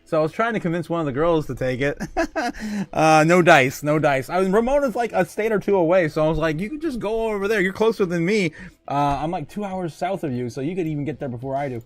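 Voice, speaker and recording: A man's voice: fast talker, no room sound. Jokey, chatty male livestream host. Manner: jokey and rambling, laughs often, many fillers; swings from muttering low to loud excited calls. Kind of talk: casual livestream chat, reading chat messages.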